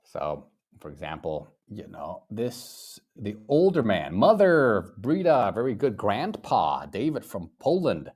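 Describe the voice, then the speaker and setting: A young man runs a live English lesson in a low voice that rises and falls with animation. He encourages his viewers and praises them by name as he goes. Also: sing-song, unhurried, darkish tone. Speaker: English teacher.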